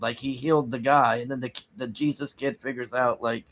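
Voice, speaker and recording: A man casually recapping a movie plot, rambling and halting with many restarts, sighing in exasperation. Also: medium pitch, steady tone, slight background noise. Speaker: movie reviewer.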